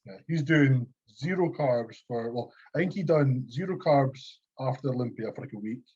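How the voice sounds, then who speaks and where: A Scottish man co-hosting a podcast, talking about bodybuilding in animated, sweary casual chat. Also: mid-range voice, moderate pace, breathy edge, highs cut off. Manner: animated, sweary gym talk. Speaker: podcast co-host.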